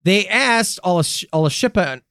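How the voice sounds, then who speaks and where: Profane, playful man with a lively voice. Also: high voice, normal speed, clean tone, dry recording, clean studio sound. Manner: crude, profane, playful narration with silly vocal asides. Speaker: podcast co-host. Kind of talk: comedic history podcast.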